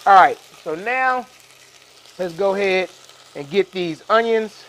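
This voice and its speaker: Speaking slowly in a high, fairly bright voice with lively intonation, a cooking show host leads a live demonstration. He addresses his viewers casually and folksily from a kitchen equipped with an induction burner.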